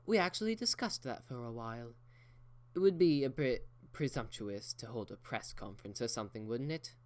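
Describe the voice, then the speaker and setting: A man's voice: mid-range voice, animated, moderate pace, natural voice. A man voicing an elegant, proper unicorn mare who speaks in a genteel, theatrical way. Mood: breezy.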